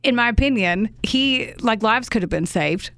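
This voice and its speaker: A woman's voice: on the high side, expressive, moderate pace, fairly bright tone, dry recording, studio quality. A woman, co-hosting a true crime podcast and recounting a case in a casual, conversational way, with indignant, swearing asides. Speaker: podcast co-host telling a true crime story.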